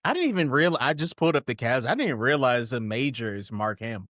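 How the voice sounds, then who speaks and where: A man hosting a podcast in casual chat, animated and swearing for emphasis, with his voice jumping up when he gets excited. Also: medium pitch, a little fast, dry recording, studio quality. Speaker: podcast host.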